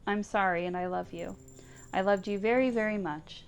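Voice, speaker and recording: A woman reading aloud as a grieving woman saying goodbye to her old cat, in a soft, tender, pleading way. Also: medium pitch, normal speed, creaky, lightly acted. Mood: sorrowful. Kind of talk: reading visual novel text aloud.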